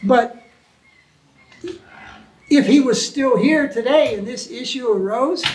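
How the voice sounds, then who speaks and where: A man's voice: high voice, a little slow, pauses often, a little mellow. A man, a swami, answering questions in an informal spiritual talk, colloquial and emphatic with many asides. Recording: echoey room, distant mic.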